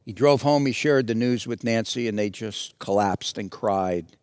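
A man preaching a sermon, telling a story dramatically and swinging from soft, low passages to loud, raised ones. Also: unhurried, clear, resonant tone, no echo, clean studio sound. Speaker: pastor.

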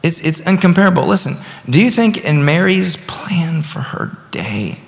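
A man's voice: on the high side, big pitch swings, normal speed, vocal fry, hardly any pauses. A man in his thirties preaching a sermon as pastor, talking conversationally and rising to emphatic bursts. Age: 30s. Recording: long reverb of a large hall.

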